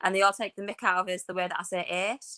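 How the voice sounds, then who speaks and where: Female co-host with a softened Northeast English accent, bright and animated, chatty delivery. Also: on the low side, quick pace. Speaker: podcast co-host. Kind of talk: casual chat.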